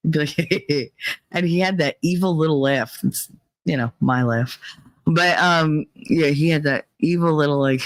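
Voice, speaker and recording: A woman's voice: deep voice, normal speed, no room sound. A middle-aged woman hosting a casual livestream, chatting with viewers, swearing and laughing as she jumps from topic to topic. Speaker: livestream host. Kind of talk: casual chat reading viewer comments. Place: dark cramped corner of a room.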